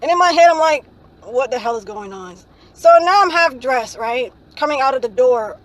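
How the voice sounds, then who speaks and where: In a casual vlog, a young woman with a high-sitting, animated voice tells a story at a moderate pace. She rambles, often saying "like, um," and ends phrases with "right?" tag questions, all captured on a low-quality recording.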